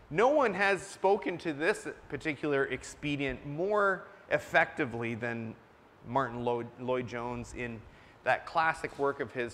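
A man with a somewhat bright, high-leaning voice preaches a sermon in a church sanctuary, earnest and emphatic, pausing now and then to cough. Long church reverb fills the recording.

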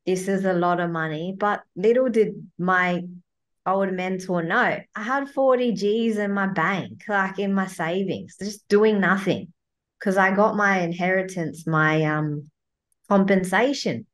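A woman's voice: mid-range voice, takes it slowly. A woman, a guest coach, talking bluntly and swearing freely as she acts out her inner voice in a casual chat.

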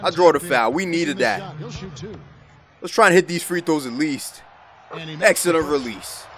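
A man's voice: a little high, lively intonation, a little slow, a bit bright. Hyped young man calling his own game. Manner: hyped, exclaiming, trash-talking. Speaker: gaming YouTuber. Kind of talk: excited gameplay commentary. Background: background music.

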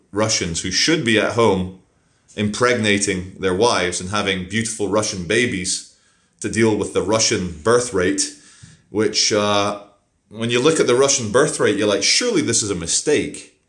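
A man's voice: fairly low pitch, a bit bright. A man vlogging in a rambling, unscripted monologue, blunt and profane, with sardonic asides. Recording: roomy echo.

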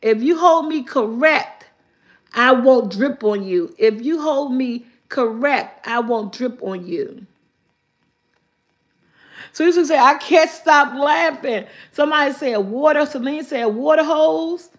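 A woman hosting a casual live stream, reading riddles from her chat aloud, repeating them slowly and laughing often. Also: sits high, expressive.

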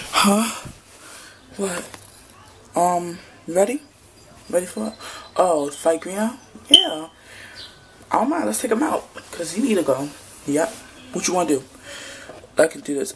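A woman talking in a casual, slangy way during an amateur reality-show role-play. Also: low voice. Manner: casual slangy back-and-forth. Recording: noisy home recording.

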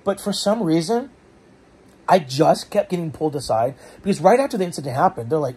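A man vlogs about a frustrating day in a loose, rambling way, full of restarts and second-guessing. His voice sits a little high and sounds husky. Allergies leave him congested. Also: expressive, brisk, darkish tone. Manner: frustrated, rambling, self-questioning, many restarts and fillers. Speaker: vlogger. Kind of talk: casual storytelling to camera.

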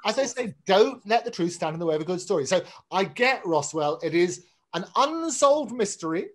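A male interviewer whose pitch moves in a lively, rising-and-falling way as he prompts his guest. He asks questions and draws out the guest in an easy, conversational manner. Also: moderate pace. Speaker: host, interviewer.

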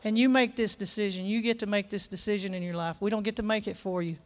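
Male preacher with a high, clear voice; folksy, earnest sermon delivery. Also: fairly even intonation, quick pace. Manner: folksy, earnest, reads scripture aloud with emphasis. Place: church service.

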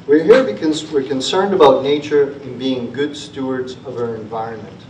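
A man's voice: medium pitch, normal speed, darkish tone, slight background noise. A man giving a heartfelt prepared presentation to a town meeting, repeating rallying phrases. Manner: earnest, repetitive rallying phrases. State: choked up with emotion at times. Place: school auditorium. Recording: roomy, distant, dull auditorium recording.

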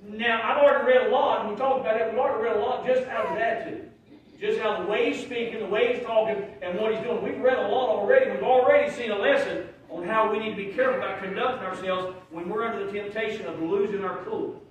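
A male pastor, preaching a folksy sermon that swells into shouted emphasis. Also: high-pitched, fast, lo-fi sound. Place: church sanctuary. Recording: very echoey room, from far off.

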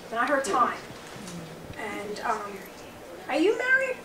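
Slow and high-voiced, with wildly swooping pitch, a woman from Long Island, New York, performs a live psychic reading for a small gathering in a bookstore event room. Her delivery is chatty and rambling, with messages relayed in quotes, recorded roomy and distant with faint noise.

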